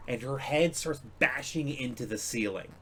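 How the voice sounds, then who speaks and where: A man's voice: mid-range voice, normal speed, a bit bright, a little hiss or hum. A man running a tabletop game session as dungeon master, casual and laughing, swearing freely.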